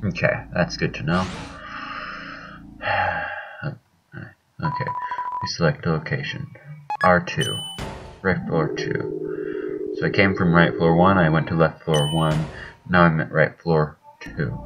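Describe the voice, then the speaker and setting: A man's voice: a bass voice, fairly even intonation, takes it slowly, long pauses, a bit bright, soft background music, low-quality recording. A man casually commenting as he plays a video game, chatty and self-mocking, with lots of uh and okay. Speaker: let's play host.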